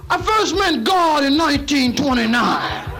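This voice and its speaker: A comedian doing an old preacher, booming and grandiose, stretching every word. The voice sits high and loud, with a music bed under it. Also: male voice, heavily acted. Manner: drawn-out, loud, preachy delivery. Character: booming old male preacher telling a tall tale.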